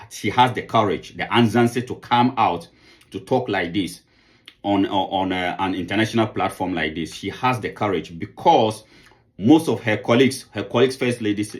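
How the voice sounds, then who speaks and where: A man from Sierra Leone delivers political commentary in a lowish voice. He stumbles and repeats words as he searches for them. Then he rises into indignant outbursts.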